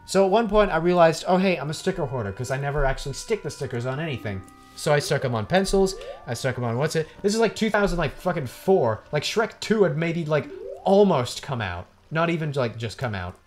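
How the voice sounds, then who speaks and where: A man's voice: a little high, fairly quick, soft background music. A young man chatting casually and rambling with plenty of swearing while co-hosting a video game playthrough, sounding tired. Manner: rambling, profane, animated. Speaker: let's play co-host. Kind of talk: casual gaming chat.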